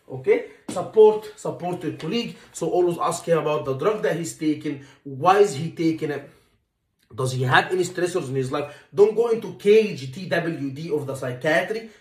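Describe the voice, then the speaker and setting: A man with a fairly high voice coaches exam candidates, repeating points with emphasis and acting out what to say. He sounds a little distant from the mic, in a roomy, echoey space. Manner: repetitive, emphatic, acts out dialogue lines. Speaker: medical exam tutor. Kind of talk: lecture teaching exam stations.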